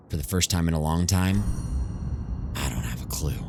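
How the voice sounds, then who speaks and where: A man reading a game story aloud like an amateur audiobook. His voice is very deep and his narration calm and low. A faint hum sits under the recording. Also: moderate pace, gravelly. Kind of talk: audiobook-style read-through of a game story.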